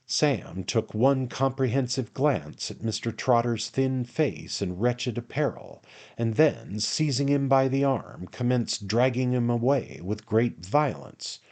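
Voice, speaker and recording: A man reading a classic novel aloud as an audiobook narrator in a measured, unhurried way. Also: medium pitch, lively intonation, darkish tone. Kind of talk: scripted narration.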